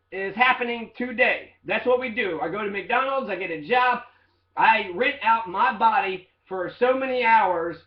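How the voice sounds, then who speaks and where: A teacher in training with a fairly high voice reads quotes in a casual monologue, rambling loosely with fillers and swearing. The room is echoey, and the recording sounds slightly dull and muffled.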